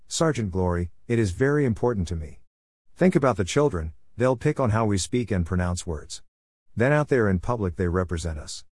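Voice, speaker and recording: A man's voice: lowish voice, a little mellow, dry recording, clean studio sound. A man reading out group chat replies one after another, reading every message word for word, symbols included. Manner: reads each reply literally, symbols and all.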